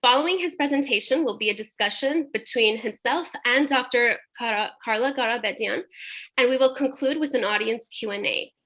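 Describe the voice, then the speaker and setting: A woman with a fairly high voice moderates an online talk. She reads out the program and hands over to the speakers, now and then pausing on a filler. She sounds as if she is on a video call. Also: fairly bright tone. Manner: reads an introduction, some fillers. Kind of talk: webinar introduction.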